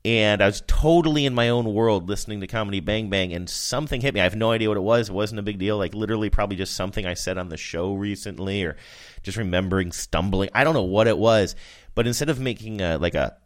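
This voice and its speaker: A man's voice: fairly low pitch, fast talker. A man co-hosting a podcast, telling a rambling, self-deprecating story in casual chat. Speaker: podcast co-host.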